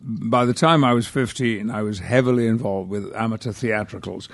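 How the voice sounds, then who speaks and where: An older man from the north of England tells stories as a podcast guest, pausing and circling back as he goes. His voice has a gravelly edge. The studio sound is close and dry. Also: on the low side, dry recording. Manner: rambling anecdotes with hesitations. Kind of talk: casual interview storytelling.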